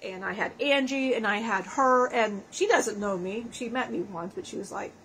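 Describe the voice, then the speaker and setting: A woman's voice: on the high side, lively intonation, normal speed, a bit bright, slight background noise, poor audio. Woman channeling a crude, joking dead man. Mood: brash joking. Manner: profane, self-mocking, laughs often. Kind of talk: spirit channeling session.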